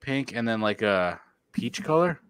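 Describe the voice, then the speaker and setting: A man co-hosting a casual podcast chat, loud and quick to get worked up, breaking into laughter and swearing freely. His pitch sits in an ordinary middle range for a man. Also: expressive, smooth. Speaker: podcast co-host.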